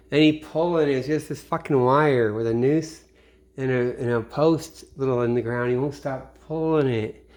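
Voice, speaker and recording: A man's voice: mid-range voice, steady tone, moderate pace. Missouri guy rambling to himself after midnight, cussing a lot, mumbles off at the end of thoughts. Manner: rambling and profane, often trailing off into mutters. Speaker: vlogger. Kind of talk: rambling late-night monologue.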